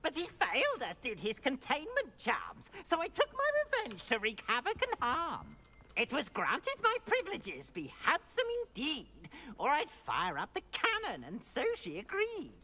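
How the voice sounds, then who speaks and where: A woman's voice: high voice, huge pitch swings, measured pace, bright, forceful tone, full character voice. A woman voicing a mischievous male poltergeist in a video game, speaking in sing-song rhyming verse. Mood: gleeful mischief.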